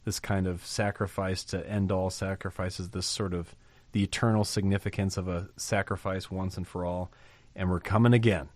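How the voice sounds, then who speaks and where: A man's voice: sits low, normal speed, no echo. A man teaching a Bible passage, reading verses aloud and commenting on them conversationally.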